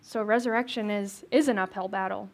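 A woman's voice: medium pitch, steady tone, fairly quick. A woman giving casual Bible teaching, conversational and chatty, with asides and rhetorical questions.

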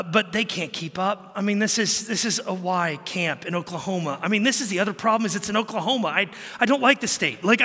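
A male pastor delivers a sermon with an animated, storytelling delivery, acting out quoted exchanges. His voice is high and very bright, and it rings with a long hall reverb.

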